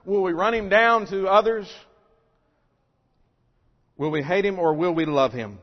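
Emphatic preacher man in a reverberant hall. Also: measured pace. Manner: emphatic, rising to loud rhetorical questions then dropping low. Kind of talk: sermon. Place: church sanctuary. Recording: dull recording with long hall reverb.

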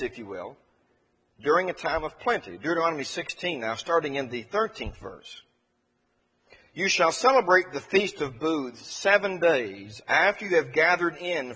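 Male preacher, measured and earnest, reads scripture; breathy tone, big hall reverb. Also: a little high, a bit bright. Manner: measured, earnest, with fillers and restarts. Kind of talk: sermon with scripture reading.

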